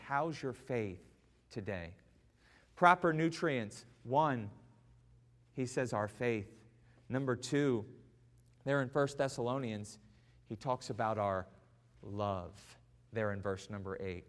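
Slow preaching pastor in a reverberant church. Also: male voice, medium pitch. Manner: rises to loud impassioned preaching, then drops soft. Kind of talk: sermon. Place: church sanctuary. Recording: long church hall reverb.

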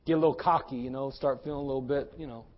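A middle-aged man preaching a sermon in a church as pastor, swinging from fervent shouts to hushed, intimate tones. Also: medium pitch, steady tone, racing. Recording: dull lo-fi sermon recording.

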